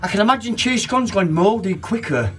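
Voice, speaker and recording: A man's voice: high voice, expressive, a little fast, fairly bright tone, soft background music. Chatty Yorkshire man baking at home. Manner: chatty, joking, swears freely. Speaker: baking vlog host. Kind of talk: casual chat while baking. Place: home kitchen.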